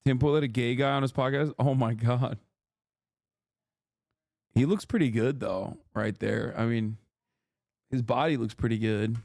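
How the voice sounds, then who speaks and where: A man's voice: medium pitch, steady tone, normal speed, creaky, a little mellow, no echo, studio quality. A man giving casual livestream commentary, ranting in disbelief with plenty of swearing and laughter. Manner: profane, incredulous ranting with frequent laughs.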